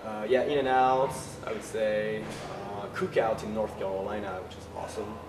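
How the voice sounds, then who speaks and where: A young man with a French accent, a band vocalist chatting in a casual interview, halting and full of fillers and restarts. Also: lowish voice, level tone, recorded from a distance, noisy background. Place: concert venue backstage. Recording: echoey, off-mic, loud music behind.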